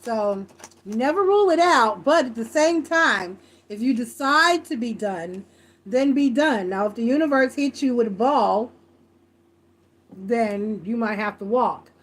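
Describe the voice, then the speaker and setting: A woman's voice: fairly high pitch, lively intonation, a little slow. A woman doing a live tarot reading, blunt, profane and rambling, stressing her points again and again. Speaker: tarot reader.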